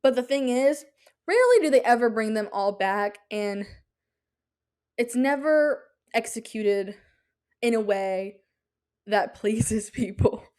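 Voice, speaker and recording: A young woman hosts her podcast in loose, chatty talk. She rambles excitedly, tripping over filler words, with a voice set a little high for a woman. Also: takes it slowly, pauses often, clean tone. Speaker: podcast host. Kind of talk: casual chat.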